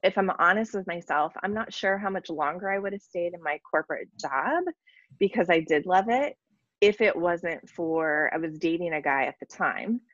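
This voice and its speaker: A woman's voice: fairly low pitch, moderate pace, fairly bright tone, no echo, lo-fi sound. A woman business coach talking earnestly in an interview, tired after little sleep, with many ums and likes. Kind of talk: casual interview conversation.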